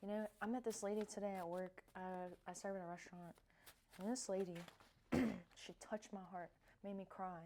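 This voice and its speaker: A woman vlogger talking casually and softly, with lots of fillers and restarts, as she reflects on cards she has drawn. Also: mid-range voice, steady tone, moderate pace, slight background noise. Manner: soft-spoken, hesitant with many fillers. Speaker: wellness vlogger.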